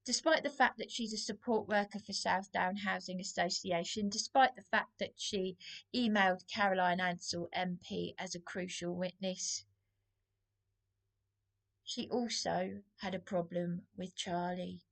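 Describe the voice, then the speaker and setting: A woman's voice: on the low side, steady tone, a little slow, vocal fry. An Englishwoman, out of breath and venting in an agitated, aggrieved, rambling monologue to the camera. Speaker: vlogger.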